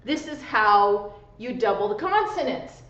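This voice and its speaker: A woman English teacher giving a slow, deliberate grammar lesson, spelling out letters and stressing syllables carefully. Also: medium pitch, animated, fairly bright tone. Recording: echoey room, dull lo-fi sound.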